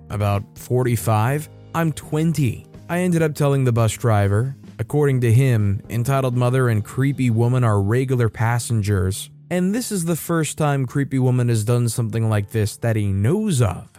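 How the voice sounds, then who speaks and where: Mellow-voiced man reading stories. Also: medium pitch. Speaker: story narrator. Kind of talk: reading online stories aloud. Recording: faint background music. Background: soft background music.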